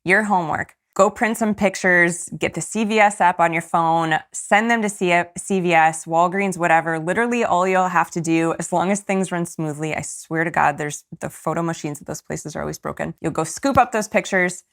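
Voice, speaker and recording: Woman host, thirties, lowish gravelly voice, earnest and encouraging. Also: normal speed, few pauses, a bit bright. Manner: earnest, encouraging, gets teary. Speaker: podcast host and coach. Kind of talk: casual solo podcast talk.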